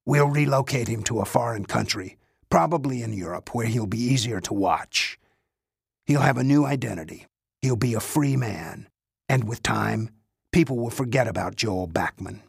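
A man voicing an old, frail male spy chief who speaks slowly, coldly and in clipped phrases. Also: medium pitch, lively intonation, vocal fry, slightly rough, no room sound, clean studio sound, heavily acted. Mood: coldly calculating.

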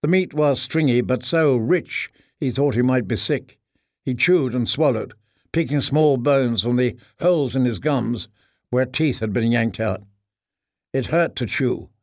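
A man reading a dark story aloud in a steady, measured narration. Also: mid-range voice, vocal fry, no echo, clean studio sound. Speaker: audiobook narrator. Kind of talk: scripted narration.

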